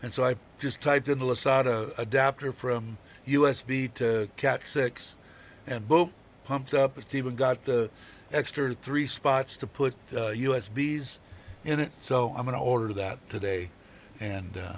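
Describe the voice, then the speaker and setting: A man's voice: medium pitch, a little slow, a little hiss or hum. A man hosting a live stream, chatting casually and rambling, swearing now and then and chuckling often. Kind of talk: casual chat.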